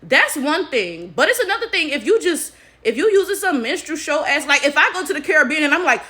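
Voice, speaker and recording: Animated American woman vlogger, bright and slightly high voice, chatty straight-to-camera commentary. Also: fairly quick. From United States. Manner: animated, talks straight to viewers.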